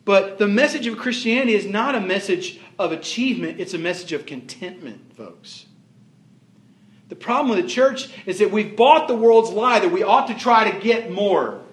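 A man's voice: high voice, animated, moderate pace, reverberant. A man pastor preaching a sermon with emphatic, repetitive phrasing that rises and falls in force.

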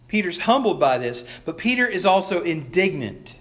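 High-voiced man preaching a sermon. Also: very animated, normal speed, few pauses. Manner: conversational preaching with repeated restarts; acts out quoted lines in voices. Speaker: pastor.

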